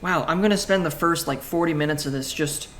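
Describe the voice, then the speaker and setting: A man's voice: on the high side, fairly quick, fairly bright tone, slight background noise. A man playing a text adventure and commenting casually, swearing now and then and reading the game text aloud. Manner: casual, swears, jokey self-talk. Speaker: gaming streamer.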